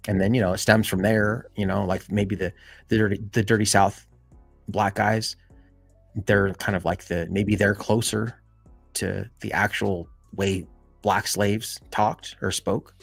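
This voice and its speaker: Man, low voice, husky, dry close sound, faint music behind, casual rambling stream chat, lots of fillers. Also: little pitch movement, unhurried, no echo. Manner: rambling, heavy on fillers like "you know" and "like". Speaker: live stream host.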